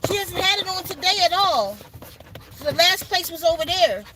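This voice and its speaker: High-pitched lady live streaming off her phone, calling her dogs, loud noisy background. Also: lively intonation, moderate pace. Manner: coaxing and scolding her dogs, often raising her voice. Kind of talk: casual live-stream chat.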